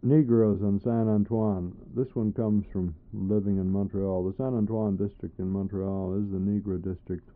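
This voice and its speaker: A man reading his own poems aloud, dramatic, leaping between loud high bursts and low murmured phrases. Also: steady tone, moderate pace, few pauses. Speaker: poet. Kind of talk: poetry reading. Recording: tinny narrow-band recording.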